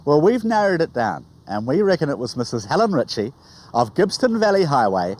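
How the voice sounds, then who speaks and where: A man with a New Zealand accent presenting a documentary on location in a playful, animated way. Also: fairly high pitch, a little fast. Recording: echoey with long reverb.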